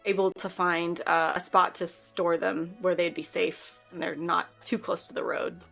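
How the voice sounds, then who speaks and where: A woman's voice: lowish voice, flat delivery, normal speed, vocal fry, a bit bright, soft background music. A woman narrating as game master, giggly and loose, with lots of "like".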